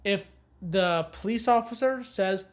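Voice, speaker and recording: A woman's voice: medium pitch, a little slow. A woman teaching a recorded know-your-rights course, giving blunt and emphatic advice and repeating her key warnings. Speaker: course instructor.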